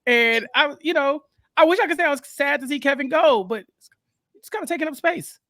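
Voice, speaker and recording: A man with a high, bright voice joins a podcast chat, recorded close in a dry, dead space. He makes easygoing jokes at his own expense. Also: expressive, fairly quick, no echo. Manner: joking, self-deprecating. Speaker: podcast guest. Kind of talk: casual recap chat.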